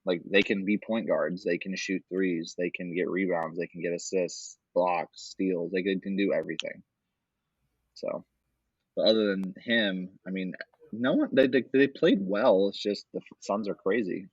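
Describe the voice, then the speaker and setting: Male podcast co-host, low husky voice, dull muffled recording, casual cursing sports chatter. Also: unhurried, dry recording. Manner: loose, rambling, swears a lot.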